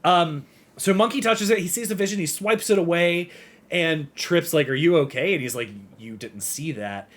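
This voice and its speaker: Recapping a game on a podcast he co-hosts, this man rambles casually and acts out the characters' lines. His voice sits high and sounds fairly bright, moving at a normal speed.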